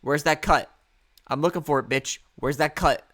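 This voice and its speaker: A man's voice: a little high, normal speed, fairly bright tone. A man giving casual, rambling reaction commentary on an album, repeating himself and swearing freely. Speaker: album reviewer.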